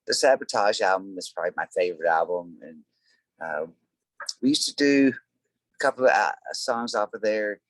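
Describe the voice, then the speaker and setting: A very deep-voiced man speaks as a guest in a relaxed interview, his talk full of "uh" and "you know" as he rambles through stories. The sound is dry and close, with no room behind him. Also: normal speed, no room sound, poor audio. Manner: rambling storyteller, many fillers. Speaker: guest, tribute band singer. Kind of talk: casual interview chat.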